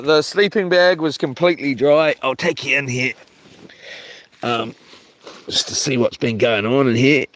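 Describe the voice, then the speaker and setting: A New man talks into his phone outdoors at a waterside camp, sounding relaxed and rambling. His voice sits a little higher than most men's. He fills his talk with ums and slang, as if chatting with a mate. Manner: rambling, laid-back, with many ums and slang. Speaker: vlogger. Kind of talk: casual chat. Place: outdoor island campsite by the water.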